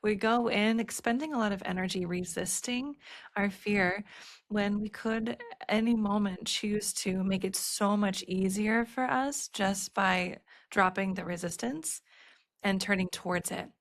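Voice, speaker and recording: A woman's voice: mid-range voice, unhurried. A woman in her thirties hosting a podcast about birth, talking earnestly in casual chat, full of "like" and "you know". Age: 30s. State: teary, emotional. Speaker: podcast host, birth educator.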